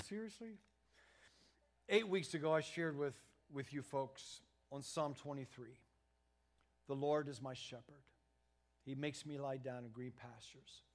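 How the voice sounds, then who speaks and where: A middle-aged man preaching a sermon as pastor, earnest and emphatic, swelling louder at key points and stumbling into quick restarts. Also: mid-range voice.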